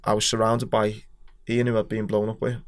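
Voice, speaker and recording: Scouse guy chatting on a podcast, quick, flat voice, swears a bit. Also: fairly low pitch. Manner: frank, sweary, plain-spoken, hesitant restarts. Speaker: podcast guest. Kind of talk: casual chat.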